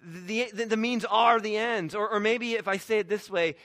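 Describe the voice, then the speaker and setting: A man's voice: high voice, moderate pace, fairly bright tone, no echo, studio quality. A man preaching a sermon as pastor, emphatic, with restarts and quoted asides.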